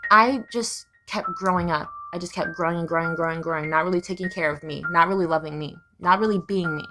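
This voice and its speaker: A young woman speaking candidly in a personal confessional vlog, raw and profane, firing off heated rhetorical questions. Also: lowish voice. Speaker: vlogger. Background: music.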